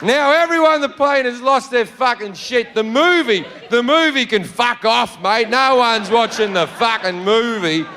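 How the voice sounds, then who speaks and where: A man with an Australian accent telling a story as a stand-up comedian on stage. He talks in a brash, profane way and builds up to shouts. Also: very high voice, lively intonation, moderate pace, hardly any pauses, a crowd in the background. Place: comedy stage before a live audience. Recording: live hall with faint audience.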